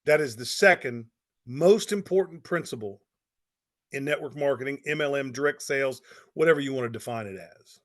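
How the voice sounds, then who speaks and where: A man's voice: on the high side, lively intonation, moderate pace. A middle-aged man telling a motivational story in a folksy, emphatic way, with lots of repetition. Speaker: speaker on network marketing.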